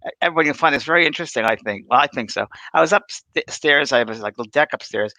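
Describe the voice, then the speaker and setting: A man in his sixties, a medium, telling stories in a chatty, animated way on a spiritual talk show and acting out the voices he quotes. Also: fairly high pitch, very fast, no echo, low-quality recording. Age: 60s. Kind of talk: spiritual conversation on a live show.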